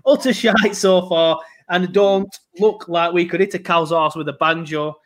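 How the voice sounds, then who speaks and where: A man's voice: sits high, steady tone, moderate pace. A man co-hosting a podcast in casual chat, chatty and self-mocking, telling stories with animation. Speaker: podcast co-host.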